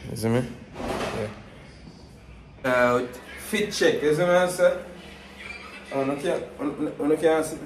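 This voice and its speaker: A man's voice: on the high side, measured pace, long pauses. A young man vlogging casually at an airport, laid-back and full of street slang. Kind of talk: casual travel vlog. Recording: echoey space with faint noise.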